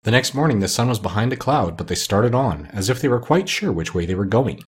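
A man narrating a storybook reading in a steady, measured way. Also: lowish voice, breathy edge.

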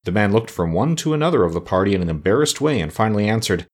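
A man narrating a storybook aloud with a low, husky voice. His reading is measured yet expressive, with a lively rise and fall in pitch. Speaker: audiobook narrator.

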